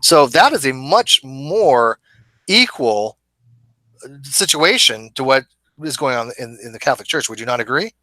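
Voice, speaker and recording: A man's voice: medium pitch, very animated, moderate pace, bright, forceful tone, no echo. A man hosting a debate channel in casual chat, talking conversationally with many fillers.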